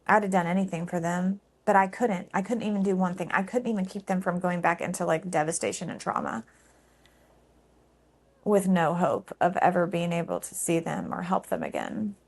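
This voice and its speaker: A middle-aged woman recounting a painful personal story, halting and emotional, with frequent fillers. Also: medium pitch, vocal fry.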